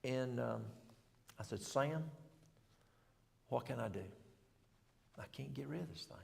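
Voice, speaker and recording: The speaker is a middle-aged man with a gravelly mid-range voice, talking a little slowly. He offers an informal, folksy health talk in a church hall, wandering off and fixing his own statements as he goes. A long hall reverb colors the sound.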